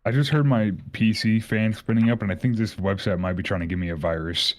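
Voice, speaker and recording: A lower-pitched man on a group voice call, reading a wiki's rules aloud to friends. He swears freely and stumbles into repeats when he gets worked up. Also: fairly even intonation, fairly quick, a little hiss or hum. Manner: profane, restless, repeats himself. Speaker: streamer reading wiki rules. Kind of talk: casual chat on a group stream.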